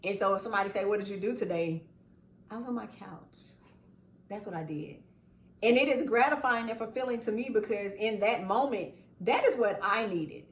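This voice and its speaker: A woman's voice: medium pitch, moderate pace, slight background noise. A woman host, chatting casually and animatedly, often laughing and acting out what others say. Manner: animated, laughing, acts out quotes. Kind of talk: casual chat. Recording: echoey room, far from mic.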